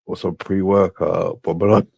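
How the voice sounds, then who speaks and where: A man's voice: low-pitched, level tone, moderate pace, gravelly, mellow, breathy edge, no echo. A young man hosting a show, commenting on clips with frequent laughter and mockery. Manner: laughing, mocking. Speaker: host.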